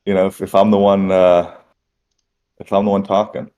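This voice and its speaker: A hoarse man with a sore throat, chatting casually and joking at his own expense as a game tournament caster. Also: deep voice, little pitch movement, normal speed, mellow. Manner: joking, self-mocking, chatty. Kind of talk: casual stream commentary chat.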